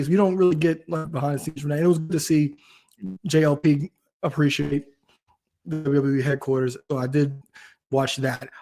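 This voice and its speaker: A man hosting a casual talk show, ranting animatedly with frequent restarts. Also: fairly high pitch. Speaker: podcast host. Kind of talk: casual chat.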